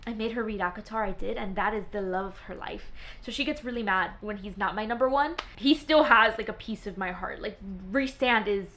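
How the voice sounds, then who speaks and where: A woman's voice: mid-range voice, brisk, a bit bright, slight background noise. A young woman chatting to camera as a book vlogger, gushing and dramatic as she swoons over favourites. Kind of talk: casual chat to camera.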